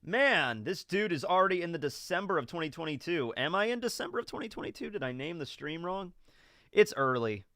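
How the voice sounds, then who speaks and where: A man's voice: a little high, sing-song, brisk, bright, forceful tone, no echo, clean studio sound. A young American man casually chatting on a livestream, rambling and joking as he reads viewer messages. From United States. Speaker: livestream host reading chat.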